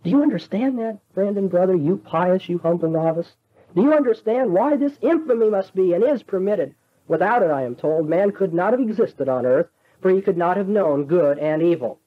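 A man's voice: high voice, animated, moderate pace, voice pushed up. An anguished skeptic pleading, read aloud by a man. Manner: impassioned, rising dramatic reading. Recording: dull lo-fi lecture recording.

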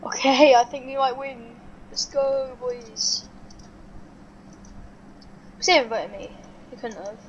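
A woman giving excitable live gameplay commentary as a video host, thinking aloud to herself. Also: high-pitched, takes it slowly, pauses often, dull audio. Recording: clear background noise.

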